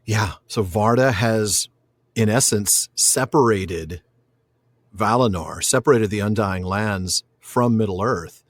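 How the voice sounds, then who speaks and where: A man's voice: on the low side, slow pace. A man hosting a podcast, chatting casually and eagerly reading passages aloud. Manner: enthusiastic, reads passages aloud. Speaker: podcast host and scriptwriter.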